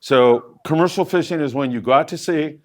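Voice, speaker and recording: A middle-aged man hosting a fishing show, answering audience questions and telling anecdotes on a handheld mic at a live event. He talks loosely, with fillers, and his pitch jumps up for emphasis. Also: brisk, a little mellow. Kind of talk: live Q&A storytelling.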